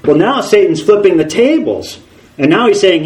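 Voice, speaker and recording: A male preacher in full sermon mode keeps his delivery animated. He fires off rhetorical questions and slips into acted voices for the figures he quotes. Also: high-pitched, normal speed, rough recording.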